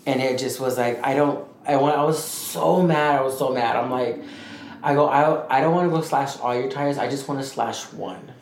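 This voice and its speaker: A man co-hosting a podcast, telling a story in a rambling, animated way and acting out what others said. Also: medium pitch, moderate pace. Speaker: podcast co-host. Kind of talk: casual storytelling chat. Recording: echoey room with faint noise.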